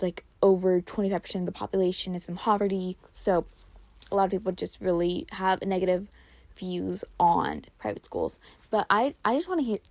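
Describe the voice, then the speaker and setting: A woman's voice: on the low side, darkish tone, dry recording. Young woman rambling casually on her vlog, says like a lot, dry close sound. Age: young adult. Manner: chatty, heavy on "like" fillers. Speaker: incoming college student.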